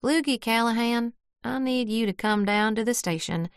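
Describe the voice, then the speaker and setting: A woman voicing a stern male sheriff's deputy from a small town, speaking in a flat, official way. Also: fairly high pitch, moderate pace, clean tone, dry recording, clean studio sound, close to an everyday voice. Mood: firm.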